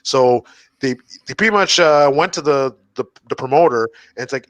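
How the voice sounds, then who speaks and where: Male podcast host, slightly high, dry close sound, rambling and profane. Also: expressive, fairly quick, a bit bright, no echo. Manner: rambling, full of restarts and swearing. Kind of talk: casual podcast chat.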